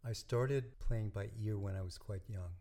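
An older man with a low, mellow voice, a guest in an interview. He talks in a relaxed, storytelling way and lets his sentences trail off softly. He sounds like he is casually reminiscing. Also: moderate pace. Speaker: guest, musician and dentist.

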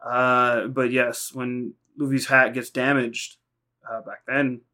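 A man's voice: medium pitch, level tone, slow, bright, forceful tone. A man co-hosting a podcast, casually recapping anime episodes in a rambling, profane way, acting out lines in quoted voices. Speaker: podcast co-host.

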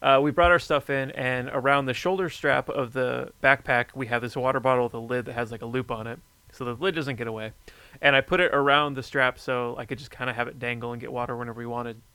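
A man chatting casually, telling a story with lively energy and plenty of swearing. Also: mid-range voice, fast talker, clean tone, no echo. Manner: animated storyteller, swears freely. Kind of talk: casual chat.

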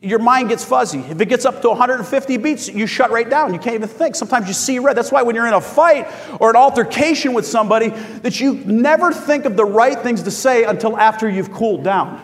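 Brief: high-voiced male pastor, lively, calls for amens, church reverb. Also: fairly quick, few pauses. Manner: animated, rising to shouts, asking the congregation for amens. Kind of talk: sermon.

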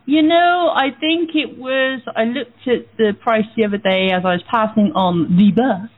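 A woman's voice: a little high, moderate pace. A British woman co-hosting a casual talk radio show, chatty and laughing often. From United Kingdom. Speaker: co-host. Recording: tinny phone line.

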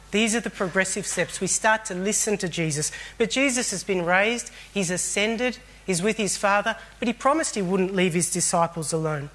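A man's voice: high voice, moderate pace, hardly any pauses, fairly bright tone, slight background noise. A man preaching a sermon in an earnest, reflective way, often repeating phrases for emphasis.

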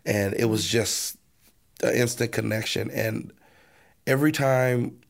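A man's voice: medium pitch, measured pace, gravelly. A man, a pastor, earnestly telling his personal testimony in an interview. He often repeats words as he restarts a thought.

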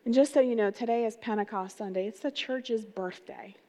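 A middle-aged woman pastor giving an energetic, conversational sermon, often putting rhetorical questions to her congregation. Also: fairly high pitch, brisk. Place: church sanctuary. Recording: long reverb of a large hall.

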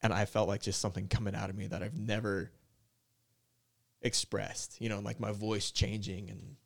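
A young man, a worship leader, talking in a soft, mellow, easygoing way in a casual podcast chat, with lots of "like" and "you know". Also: fairly low pitch, level tone, normal speed, vocal fry. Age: young adult. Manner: soft-spoken, mellow, filler-heavy.

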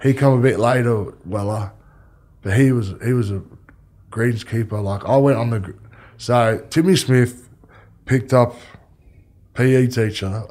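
A man's voice: medium pitch, unhurried, long pauses, darkish tone. A man with an Australian accent, a former rugby league player, telling rambling stories and swearing freely in casual chat.

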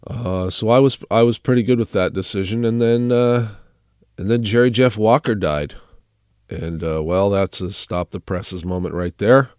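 A man hosts a music radio show while clearly sick, his voice sitting a little low. He rambles casually with plenty of fillers and pokes fun at himself. The sound is dry and close, with no room echo. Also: normal speed, a little mellow. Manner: rambling, filler-heavy, self-deprecating. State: sick, under the weather. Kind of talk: casual radio chat introducing songs.

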